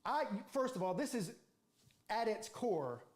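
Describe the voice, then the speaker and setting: A man's voice: high-pitched, sing-song, measured pace. A man hosting a football livestream, ranting in a mocking, sarcastic way and rambling with restarts. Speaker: football channel host.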